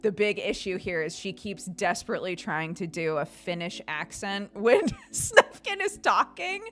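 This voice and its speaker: A woman's voice: medium pitch, sing-song, normal speed, hardly any pauses. A woman streamer chatting casually with her viewers, laughing often and telling stories animatedly. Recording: faint background music.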